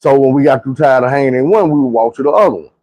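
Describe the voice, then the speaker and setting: A man's voice: mid-range voice, animated, very fast, warm tone, no echo. Laid-back man telling stories. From Arkansas, US. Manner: profane, laid-back, slangy, acts out quotes. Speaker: storyteller. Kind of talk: casual storytelling.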